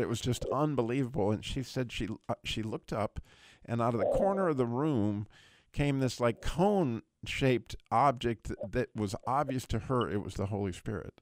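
A middle-aged man hosting a radio prayer show retells a dramatic testimony in casual chat, an animated storyteller whose voice leaps up at emotional peaks. His mid-range voice moves at a moderate pace, with clean studio sound and no room sound.

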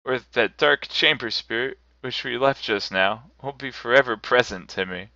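A man's voice: medium pitch, normal speed, bright, forceful tone, dry recording, muffled recording, pitched above the performer's own voice. A man voicing a chastened old miser who pleads earnestly with a spirit. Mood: pleading.

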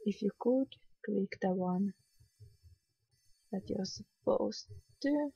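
A woman's voice: medium pitch, takes it slowly, creaky, warm tone, slightly rough, dry recording, dull audio. A woman casually talking through a hidden-object game, sleepy and yawning, muttering with mild exasperation. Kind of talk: casual let's-play commentary.

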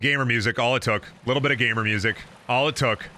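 A man streaming a video game, giving crude, joking, excitable commentary. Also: mid-range voice, fast talker, a little hiss or hum. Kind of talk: casual gaming commentary.

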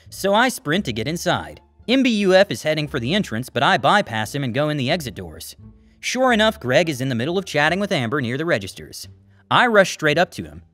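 A man narrating a story in a wry, lively style. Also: on the high side, dry recording.

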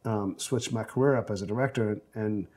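A film director in his forties from South Central Los Angeles, USA, shares anecdotes in an oral history interview. His voice sits on the low side and moves briskly as he tells animated stories, acting out quotes and scattering plenty of fillers.

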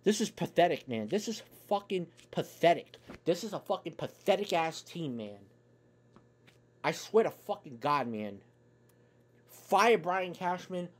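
A man's voice: high-pitched, a little mellow, breathy edge. A man delivering a profane, angry sports fan rant on his YouTube channel, swearing in nearly every sentence.

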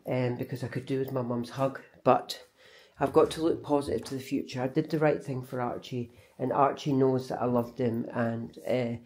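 A woman's voice: extremely low pitch, fairly even intonation, normal speed, a little mellow. Rambling Scottish woman vlogging. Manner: rambling, chatty, often restarts and corrects herself. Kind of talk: casual vlog chat.

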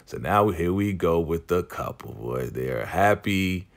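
A man recapping a TV episode in a casual, animated, slangy way, acting out the characters' lines. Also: deep voice, unhurried, creaky. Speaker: TV recap vlogger.

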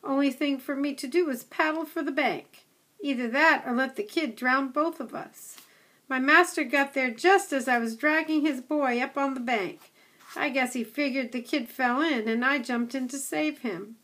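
A woman voicing an old male setter dog who is gruff, blunt and a know-it-all. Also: high-pitched, normal speed, a bit bright. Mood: rambling. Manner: blunt, scoffing, chatty.

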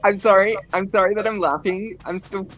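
A man's voice: high voice, fairly even intonation, a little fast, background noise. A man chatting playfully while playing an online game with friends, with a dramatic flair. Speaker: gamer. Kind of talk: casual game chat.

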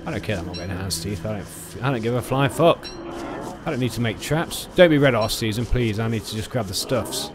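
A man commentating on a video game he is playing, excitable and sweary, often yelling at the game. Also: fairly low pitch, a little fast, noisy background. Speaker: let's play gamer. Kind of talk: gameplay commentary.

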